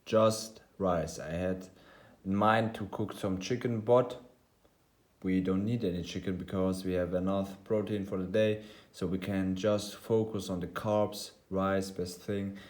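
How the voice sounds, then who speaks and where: Guy in his 20s rambling on his fitness vlog, deep voice, keeps fixing his own words. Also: fairly even intonation, a little mellow. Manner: rambling and halting, often correcting himself mid-sentence. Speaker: fitness vlogger. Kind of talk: casual vlog chat to camera.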